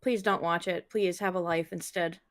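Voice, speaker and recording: Female podcast co-host, lower voice, blunt, sarcastic and profane. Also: fairly even intonation, moderate pace. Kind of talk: casual podcast chat.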